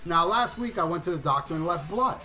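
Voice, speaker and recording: A male podcast co-host tells a long story on a talk show, animated and profane, doing voices and shouting the punchlines. He speaks fairly quickly in a voice on the high side.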